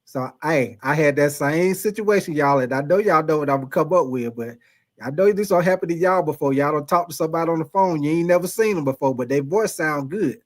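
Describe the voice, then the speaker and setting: A man's voice: on the high side, a little fast. A man telling a funny personal story to his live stream chat, repeating himself and laughing often.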